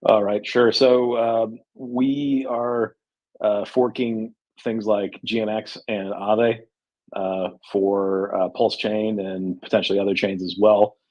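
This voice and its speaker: Low-voiced man, halting and relaxed. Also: lo-fi sound. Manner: halting, filler-heavy, relaxed banter. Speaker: guest describing his DeFi project. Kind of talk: casual chat in an audio room.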